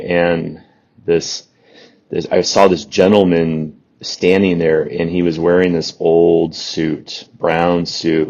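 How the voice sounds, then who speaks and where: Very deep-voiced man telling a story. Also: gravelly, dull audio. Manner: rambling, animated anecdote with restarts. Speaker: author and guest. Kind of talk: storytelling in a podcast interview.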